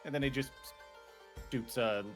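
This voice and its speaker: A man narrating a tabletop game as game master, chatty and animated. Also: medium pitch, a little slow, faint music behind.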